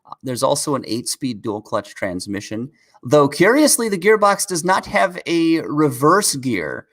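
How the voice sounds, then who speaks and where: On a laid-back car news live stream, a male co-host reads aloud questions from viewers in the chat, chuckling often as he chats. His fairly high, sing-song voice moves at a measured pace with a fairly bright tone.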